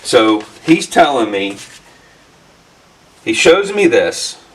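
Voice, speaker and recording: A man's voice: mid-range voice, big pitch swings, slow, distant mic, slight background noise. Rambling man telling a workshop story. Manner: rambling, many fillers and restarts. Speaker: channel host. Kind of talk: casual storytelling vlog.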